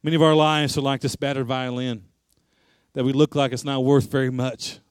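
A man's voice: mid-range voice, level tone, normal speed, smooth, no room sound, studio quality. A male pastor giving an earnest sermon and altar call, pleading with listeners. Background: faint music.

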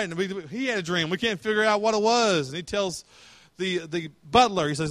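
A man's voice: high voice, quick pace, dry recording. A male pastor preaching a sermon in a conversational way, asking questions and retelling scripture in everyday words.

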